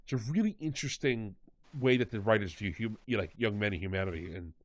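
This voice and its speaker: A man's voice: lowish voice, fast talker. A man hosting a podcast, recapping and mocking a fantasy series in casual, rambling, sarcastic chat. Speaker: podcast host.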